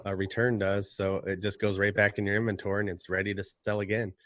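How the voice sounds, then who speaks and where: Male co-host, lowish voice, plain casual remarks, dry sound. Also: little pitch movement, quick pace, fairly bright tone, no room sound. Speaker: co-host, reseller. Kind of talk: casual chat on a live stream.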